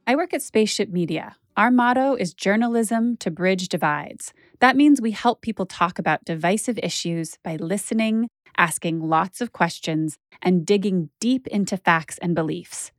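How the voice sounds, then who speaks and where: A woman's voice: medium pitch, moderate pace, no echo, studio quality. A woman journalist telling a personal story as a podcast narrator, candid and conversational with frequent "like" fillers.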